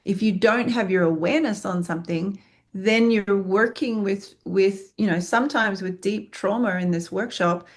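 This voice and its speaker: A frank, earnest woman explaining her acting work in an interview. Her voice sits at an ordinary middle pitch, and her phrases roll out in long lists. She swears without hesitation. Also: normal speed. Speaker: acting teacher. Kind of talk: interview answer.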